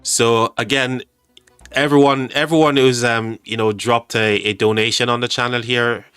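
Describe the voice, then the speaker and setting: An excitable man hosts a live game stream, stumbling over his words as he chats with viewers. His voice is bright and forceful, recorded dry and close. Faint music plays underneath. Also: medium pitch, normal speed, smooth, dry recording. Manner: excitable, stammering, thanks chat often. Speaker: game livestream host.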